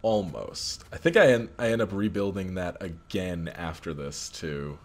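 A man's voice: deep voice, expressive, unhurried. A young man casually commentating his own gameplay, frustrated and muttering at himself about his mistakes. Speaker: gaming channel host. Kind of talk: casual let's play commentary.

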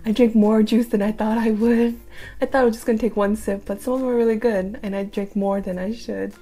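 A woman's voice: mid-range voice, fairly even intonation, brisk, mellow, soft background music. A young woman in her twenties chatting casually through a taste-test vlog, thinking aloud with fillers. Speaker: food vlogger.

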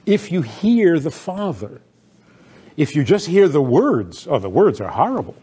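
Husky older man giving an animated talk. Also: fairly high pitch, unhurried. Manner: storytelling, acts out quoted voices with laughs. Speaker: rabbi. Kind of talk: sermon-style talk.

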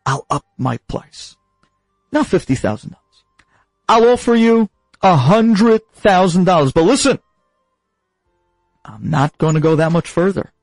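A man doing a pushy, high-pitched miser. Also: lively intonation, unhurried, long pauses, darkish tone, dry recording, faint music behind, full character voice. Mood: eager. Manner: insistent, wheedling, repeats himself. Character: pushy wealthy male miser, stubborn haggler.

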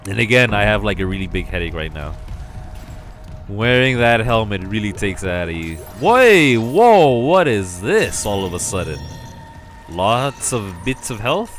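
A man's voice: lowish voice, very animated, unhurried, a bit bright. A man playing a horror video game and commentating, panicky, yelping and swearing as he plays. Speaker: let's play gamer. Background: game music.

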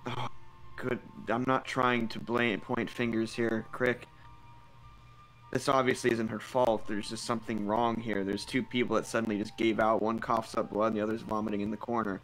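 A man's voice: lowish voice, level tone, normal speed, fairly bright tone, soft background music, rough recording. A man playing a tabletop game, speaking urgently and giving orders. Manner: urgent, commanding. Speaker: player.

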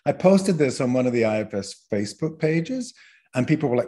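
Sing-song and mellow, this man's medium-pitched voice runs a little fast as he teaches as a podcast guest. A therapist trainer, he explains things chattily, peppering his points with "right?".

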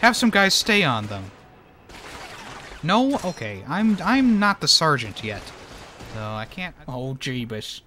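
A man's voice: a little high, very animated, slow, long pauses, noisy background. A man streaming a war video game, giving casual joking commentary, laughing often and swearing now and then.

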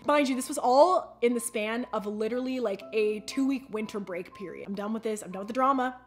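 Young woman, fairly high voice, storytime vlogger, chatty, acts out quotes. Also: a little fast, soft background music. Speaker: YouTuber telling a storytime. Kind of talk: casual storytime vlog.

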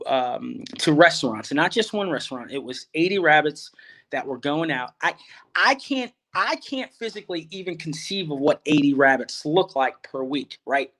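A middle-aged man talks over a video call, his voice sitting a little high for a man. He rambles through a long story with plenty of ums and restarts. He turns animated whenever he quotes someone else. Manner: rambling, with many fillers and restarts, animated when quoting others. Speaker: guest farmer. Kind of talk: conversational storytelling.

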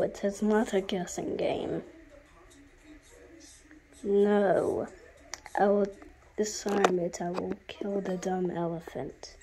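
A woman's voice: medium pitch, mellow. A woman streaming a game, chatting in a silly, contrary, sing-song teasing way. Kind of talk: playful game commentary.

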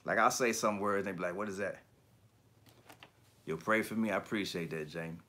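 A man hosting a casual livestream chat about collectibles, talking in slangy, profane bursts and animated storytelling. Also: deep voice, quick pace, a little hiss or hum. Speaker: YouTube collector channel host.

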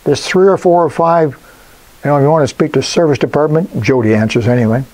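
An older man giving casual business advice on phone manners, emphatic and folksy, with lively jumps in pitch. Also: quick pace, rough recording. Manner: animated, emphatic, folksy asides. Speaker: business coach.

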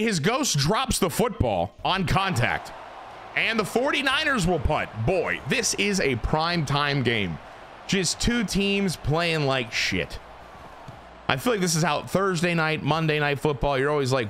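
A man's voice: fairly high pitch, pushed and bright, a little hiss or hum. A man giving casual, profane, joking play-by-play commentary while playing a football video game. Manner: joking, profane, self-deprecating. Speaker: gaming video host.

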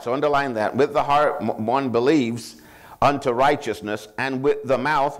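A male pastor preaching a sermon, prompting the congregation to finish his phrases and repeating scripture references slowly for emphasis. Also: mid-range voice, fairly even intonation. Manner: call-and-response, asking the congregation to finish his lines.

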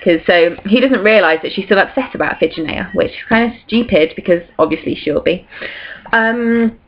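A woman's voice: mid-range voice, moderate pace. Chatty teen girl revising, lo-fi. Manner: chatty, filler-heavy, acts out quotes in playful voices. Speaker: student revising for exams. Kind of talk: casual revision talk to camera.

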